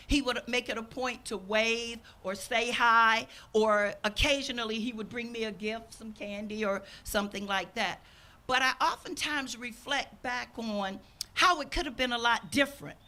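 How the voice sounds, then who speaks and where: An older woman preaches a sermon at an outdoor service, telling a personal story in an earnest way. Her voice is bright and sits fairly high, and she acts out the people she quotes. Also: moderate pace. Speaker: minister.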